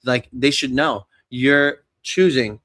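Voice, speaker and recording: A man's voice: mid-range voice, slow, fairly bright tone, no room sound. Man, casual profane chat, joking, acts out quotes, mid voice, dry sound.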